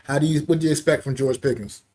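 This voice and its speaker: A man hosting a podcast, asking his co-host questions in casual sports talk with halting restarts. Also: fairly high pitch, fairly even intonation, warm tone.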